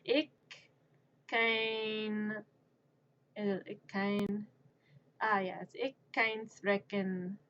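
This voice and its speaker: Woman streaming, talks slow and rambles, jokes at herself, kinda muffled lo-fi sound. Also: medium pitch, little pitch movement, fairly bright tone, slight background noise. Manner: rambling, self-mocking, laughs at herself. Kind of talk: casual chat. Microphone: streaming microphone.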